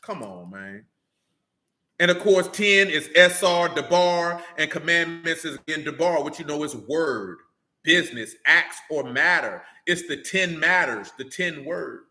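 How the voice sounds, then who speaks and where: Bright-voiced slangy street preacher man. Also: a little high, measured pace, reverberant. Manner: blunt slangy preaching, frequent rhetorical questions. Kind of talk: street-style sermon.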